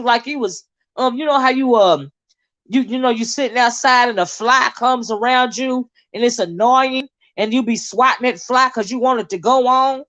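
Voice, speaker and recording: A woman hosting a casual livestream gossip chat, reading viewer comments aloud in a chatty, laughing way with drawn-out asides. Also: fairly high pitch, a bit bright. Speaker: host. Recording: dull lo-fi sound.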